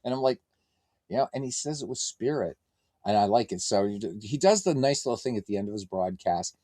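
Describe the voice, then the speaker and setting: A man's voice: on the low side, lively intonation, brisk, dark tone, dry recording. A man hosting a baseball game stream, chatting casually and reading out lineups like a ballpark announcer, with playful self-mockery. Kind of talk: casual chat and play-by-play announcing.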